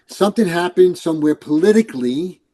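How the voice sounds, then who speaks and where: The older former police commander from New York talks a little fast in a high voice, animatedly recounting stories in a casual interview. He mimics the voices of the characters he quotes, and the audio quality is low.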